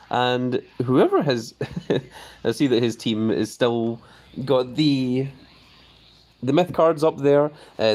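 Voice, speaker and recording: Chatty male game streamer reading chat. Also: mid-range voice. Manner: chatty, reads viewer messages aloud and replies; easily excited, voice jumps up on greetings. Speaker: gaming live streamer. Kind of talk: casual live-stream commentary.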